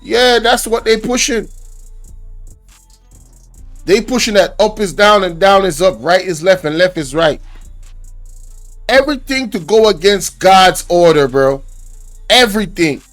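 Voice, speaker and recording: A man's voice: high voice, lively intonation, measured pace, pauses often, fairly bright tone, faint music behind. A man with a Jamaican accent hosting a reaction channel, talking to viewers in an indignant, preachy way. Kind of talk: casual reaction commentary.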